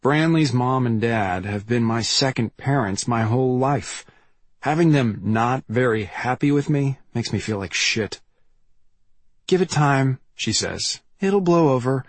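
A man narrating a first-person audiobook in a steady, plain storytelling voice. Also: medium pitch, a little slow, no echo.

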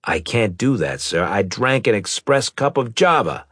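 A man's voice: lowish voice, big pitch swings, measured pace, fairly bright tone, husky, dry recording, studio quality, pitched above the performer's own voice, exaggerated voice. A man voicing a weary, dutiful male sergeant who speaks tiredly and deferentially.

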